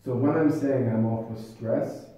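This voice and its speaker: Earnest, urgent man recounting his complaint in a meeting; warm, low tone; distant mic in a very roomy space. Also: a little slow. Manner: earnest, urgent, often quotes others. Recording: very echoey room, voice far from mic.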